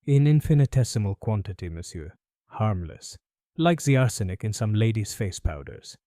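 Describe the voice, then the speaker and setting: A man's voice: lowish voice, sing-song, normal speed, warm tone, no echo, studio quality. A man voicing a suave French perfumer. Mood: evasive. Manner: suave, polite, evasive. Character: smooth, calculating French male perfumer. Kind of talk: audiobook character voice.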